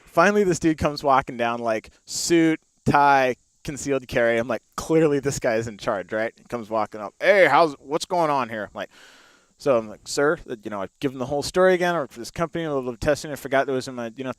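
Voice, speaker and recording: A man's voice: mid-range voice, quick pace, clear, resonant tone, no echo. Laughing man telling a story. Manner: animated, laughing storyteller with many fillers. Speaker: podcast guest. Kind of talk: casual storytelling.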